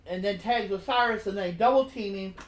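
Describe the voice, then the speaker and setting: A man's voice: high voice, fairly quick, roomy sound, rough recording. A man co-hosting a live-streamed chat, recapping scenes and quoting lines with restarts. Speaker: podcast co-host recapping wrestling. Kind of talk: casual chat. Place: home streaming setup. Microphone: desk microphone on a live stream.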